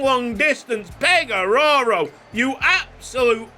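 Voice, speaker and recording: A young man commentating on his football video game, excitable, shouting at chances and cracking jokes between plays. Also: very high voice, unhurried, few pauses, slight background noise. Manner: excitable, shouting at goals, jokey asides. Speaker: gaming YouTuber. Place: home recording room. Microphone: desk microphone.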